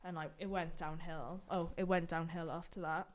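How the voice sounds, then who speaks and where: A young woman chatting on a podcast the morning after a big night out. She tells stories in an animated, candid way, laughing and swearing along the way. Her voice sits slightly on the lower side. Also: moderate pace. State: hungover. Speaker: guest dance instructor. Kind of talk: casual podcast chat.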